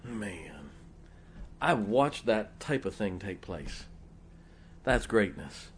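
A man's voice: lowish voice, lively intonation, slow pace, a little hiss or hum. A middle-aged man preaching a sermon, telling folksy personal stories and putting rhetorical questions to the congregation.

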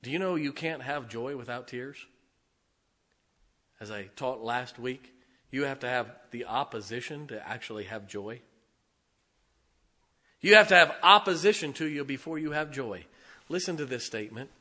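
A middle-aged male pastor preaching a sermon, telling folksy stories and swinging from loud declarations to hushed asides. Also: mid-range voice, animated, moderate pace, long pauses.

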